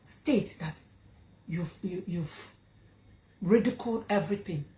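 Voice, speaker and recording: A woman's voice: on the low side, a little slow, dark tone, reverberant. A woman with a Nigerian accent telling a personal story to her vlog audience, earnest and emphatic, repeating phrases for stress. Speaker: vlogger.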